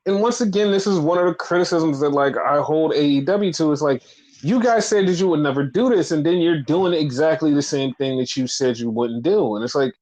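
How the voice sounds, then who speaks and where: A man's voice: fairly high pitch, a little fast, a little mellow, poor audio. Profane ranting man on a podcast. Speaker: podcast co-host. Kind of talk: casual wrestling podcast chat.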